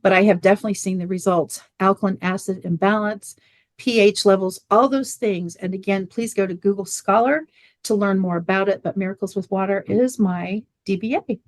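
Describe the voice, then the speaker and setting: A middle-aged woman speaking as an interview guest, her voice sitting at a medium pitch. She tells her story in an animated way, slipping into the voices of her family. The sound is dry and close, with no room around it. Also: fairly quick, no room sound. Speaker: guest, water machine business owner.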